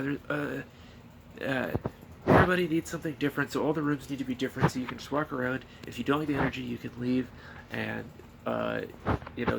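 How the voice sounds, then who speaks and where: A man's voice: medium pitch, creaky, heavy background noise. A young man casually rambling through a movie review into his own camera, swearing often and full of fillers and restarts. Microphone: camera filming himself.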